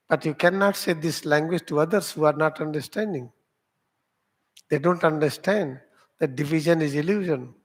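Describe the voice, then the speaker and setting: Indian man giving a slow spiritual teaching. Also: fairly high pitch. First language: Hindi. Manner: slow, deliberate phrasing in simple non-native English. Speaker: meditation teacher. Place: ashram.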